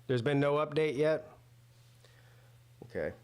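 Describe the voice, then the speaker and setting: Fairly high in pitch yet a little slow, this man's voice is animated, a little mellow, and smooth. He hosts a live football watch-party stream, chatting casually and thinking aloud with plenty of fillers and restarts.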